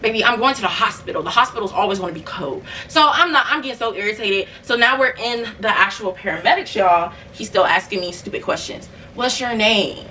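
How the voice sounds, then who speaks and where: A young woman vlogger, telling a story in animated, casual chat while cleaning her bedroom, addressing viewers as y'all. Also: mid-range voice, fast talker, few pauses, recorded from a distance, slight background noise, rough recording. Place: bedroom at home.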